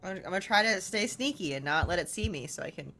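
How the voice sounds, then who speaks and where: A woman playing a tabletop game, talking in an excitable, animated way. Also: fairly low pitch, fast talker. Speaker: player.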